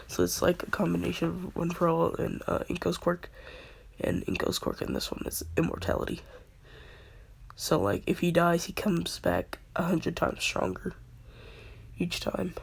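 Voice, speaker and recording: A woman's voice: fairly low pitch, lively intonation, moderate pace, gravelly, slightly rough. A woman casually telling a fan-made story in slang, laughing often.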